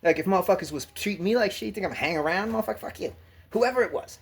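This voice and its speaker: A man's voice: high voice, expressive, rapid-fire, gravelly, slightly rough. A man talking casually to the camera in a blunt, profane rant, laughing now and then. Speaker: vlogger. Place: gym locker room.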